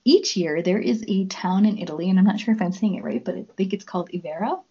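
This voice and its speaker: A woman's voice: mid-range voice, quick pace, warm tone, breathy edge. A woman co-hosting a casual news chat, talking in a giggly, chatty way, on a dull lo-fi recording. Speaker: co-host and musician.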